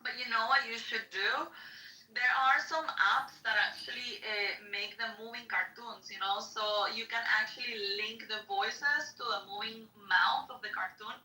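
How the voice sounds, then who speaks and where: A woman's voice: fairly high pitch, normal speed. A woman in a casual online audio room chat, eager and chatty. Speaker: participant. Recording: echoey, distant, bright sound.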